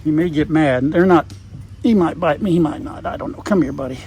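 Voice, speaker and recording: A man's voice: on the high side, brisk, a little mellow, low-quality recording. An older man chatting casually outdoors on his farm, talking to his dogs and to the camera as he goes. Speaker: farm vlogger.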